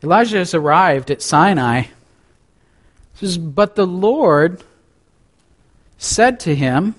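A man's voice: high voice, lively intonation, takes it slowly, long pauses. A man preaching a sermon, reading scripture aloud with dramatic rises and drops and adding conversational asides. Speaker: pastor.

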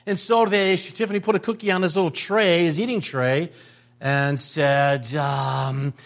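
A man's voice: a little high, unhurried, gravelly. An older man preaching a sermon, telling stories and repeating phrases for emphasis. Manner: animated storytelling with emphatic repetition. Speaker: pastor.

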